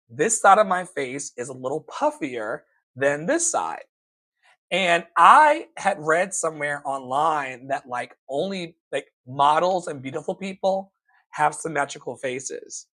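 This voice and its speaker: A man in his thirties speaks in a slightly high voice with a preacherly, emphatic delivery. His motivational talk builds to sudden loud exclamations. A light flavor colors his speech. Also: animated, normal speed.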